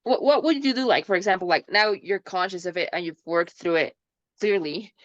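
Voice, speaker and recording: Woman host asking probing questions, lowish voice, bit muffled audio. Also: fairly quick, no room sound. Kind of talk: casual interview conversation. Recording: dull dry lo-fi audio.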